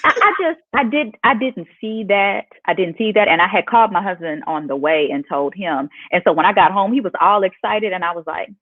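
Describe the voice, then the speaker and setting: A woman hosting a podcast, telling a personal story in an animated way and laughing as she goes. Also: mid-range voice, brisk, hardly any pauses, no room sound. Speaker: podcast host. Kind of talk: casual interview chat. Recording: tinny phone-like dry audio.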